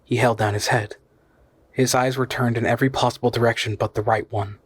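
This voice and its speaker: A man reading a classic novel aloud in steady, measured narration. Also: medium pitch, slightly rough, no room sound. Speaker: audiobook reader.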